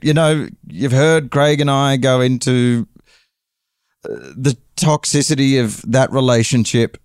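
A man's voice: mid-range voice, a little mellow, clean tone, no echo, studio quality. A man with an English accent telling a long, rambling story casually, with frequent swearing and self-corrections. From England.

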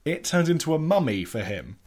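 A man's voice: on the high side, big pitch swings, brisk, darkish tone, breathy edge. A man chatting casually about a film, joking, laughing often and retelling scenes in detail. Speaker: podcast co-host.

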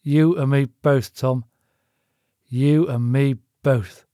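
Man doing gruff worried butcher, audio drama, dry close sound. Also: mid-range voice, fairly even intonation, slow, warm tone, dry recording, natural voice. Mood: tense. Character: worried middle-aged male butcher.

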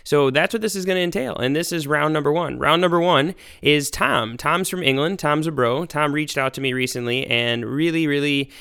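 An American man hosting a science podcast, talking in an energetic, rambling, excitable way. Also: on the high side, normal speed, vocal fry, few pauses, clear, resonant tone. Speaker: podcast host. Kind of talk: enthusiastic casual science podcast.

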